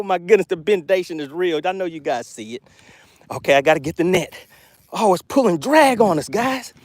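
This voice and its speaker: A man on a live fishing stream, talking to his chat in a lively, fairly high voice that swings all over as he hypes up his catch. He sounds out of breath and keeps repeating his catchphrases. The sound is dry and close. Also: a little fast, no echo. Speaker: fishing channel host. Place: outdoors by the water.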